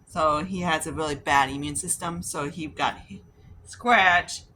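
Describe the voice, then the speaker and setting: A woman's voice: deep voice, fairly even intonation, a little slow, pushed and bright, slight background noise. A woman vlogging while doing her makeup, rambling casually through stories and acting out what others said. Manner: rambling, chatty, acts out quoted voices, swears casually. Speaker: beauty vlogger.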